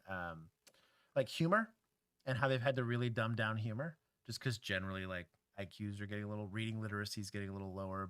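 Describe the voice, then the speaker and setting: A man's voice: fairly low pitch, a bit bright, no echo. A man from Texas, a former police officer, hosting a casual livestream and giving blunt, joking commentary with plenty of filler words.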